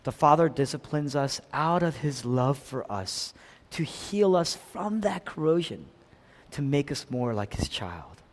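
A man preaching a sermon, acting out quoted voices with big swings between loud and soft. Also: lively intonation, a little slow. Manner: dynamic preaching, acts out quotes with big swings in pitch and volume. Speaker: pastor. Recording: long reverb of a large hall.

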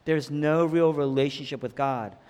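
Guy preaching, high voice, big echoey hall, goes loud then hushed. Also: normal speed, clear, resonant tone. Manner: dramatic, swings between loud emphatic lines and hushed low ones. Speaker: pastor. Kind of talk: sermon. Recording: long hall reverb.

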